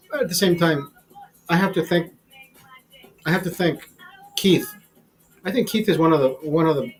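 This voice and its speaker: This livestream host talks to his viewers in a rambling, easygoing, profane way. His voice is on the higher side, and the recording sounds rough.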